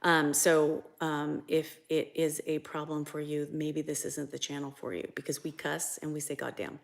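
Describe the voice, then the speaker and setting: A woman's voice: deep voice, little pitch movement, normal speed, gravelly. A woman co-hosting a casual livestream, reading out viewer comments, laughing often and swearing freely. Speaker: livestream co-host.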